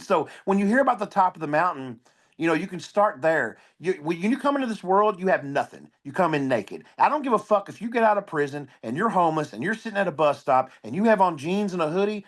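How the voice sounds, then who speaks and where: A man's voice: fairly high pitch, quick pace. A man, a comedian, talking as a podcast guest, telling blunt, profane stories in casual conversation. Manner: blunt, profane, animated storyteller. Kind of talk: casual storytelling interview.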